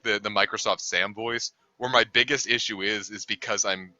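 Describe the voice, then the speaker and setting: A man's voice: fairly low pitch, pushed and bright, dry recording. A young man casually chatting on a game stream, rambling with lots of fillers. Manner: rambling, filler-heavy talk. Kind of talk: casual live-stream chat. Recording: dull lo-fi dry home mic.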